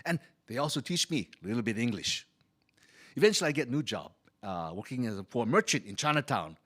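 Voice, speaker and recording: A man's voice: medium pitch, a bit bright. A man storyteller playing a humble, good-humored Chinese immigrant laborer who speaks in broken English. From Hawaii. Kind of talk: first-person character storytelling.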